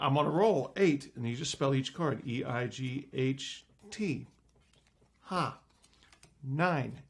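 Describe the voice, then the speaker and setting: A middle-aged man lecturing on card magic, playfully acting out his patter with big jumps in pitch. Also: vocal fry.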